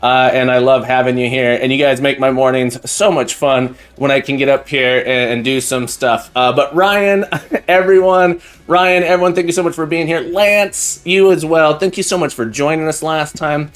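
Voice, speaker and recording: A man's voice: fairly high pitch, steady tone, normal speed. A man streaming live, greeting his chat one by one in an effusive, grateful way, rambling and restarting as he gets a little emotional. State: getting emotional. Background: faint background music.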